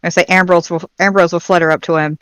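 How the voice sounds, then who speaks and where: A man with a notably high voice playing a tabletop game. He talks in a relaxed, easygoing way as he describes what his character does. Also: fast. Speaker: player. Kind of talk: casual tabletop play.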